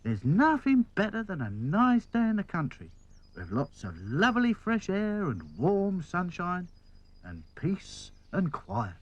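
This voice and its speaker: A man's voice: high voice, wildly swooping pitch, unhurried, highs cut off, pitched above the performer's own voice, full character voice. A man voicing an easygoing, cheerful male rag doll in a cartoon, with music underneath. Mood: content.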